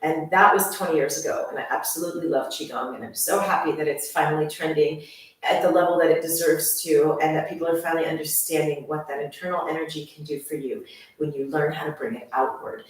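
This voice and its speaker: A woman's voice: deep voice, steady tone, brisk. A young woman fitness instructor who talks to her viewers in an enthusiastic, chatty way. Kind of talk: casual channel introduction. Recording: very echoey room, voice far from mic.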